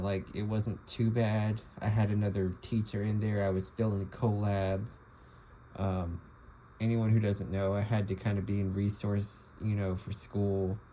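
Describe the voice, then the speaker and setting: Young man, low voice, mellow tone, rambling casual vlog, faint background hiss. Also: rough recording. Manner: rambling, many fillers and restarts. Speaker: vlogger. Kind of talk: casual monologue.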